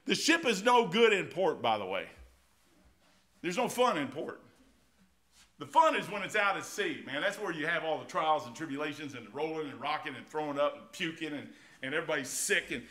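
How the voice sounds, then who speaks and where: Folksy American pastor, middle-aged, bright and forward voice, casual animated sermon. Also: male voice, a little high, brisk. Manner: folksy and animated, keeps saying "man", tells anecdotes. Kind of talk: informal verse-by-verse sermon. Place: church sanctuary.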